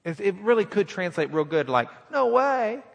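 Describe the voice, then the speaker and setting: A man preaching a sermon in a folksy, animated, joking way in a church sanctuary. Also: fairly high pitch, brisk, big-room sound, dull audio.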